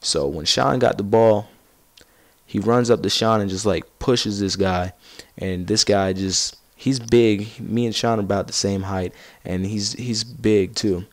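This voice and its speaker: Teen boy, gaming commentary, casual rambling story, excitable, low voice. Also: measured pace, dry recording. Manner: rambling, gets loud and excited while laughing at his own stories. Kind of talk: casual storytelling over gameplay.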